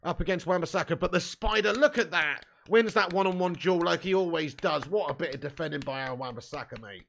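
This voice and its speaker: A man hosting a live fan watch-along, commentating excitably, swearing freely and shouting at chances. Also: on the high side, a little fast, gravelly, few pauses, a little hiss or hum.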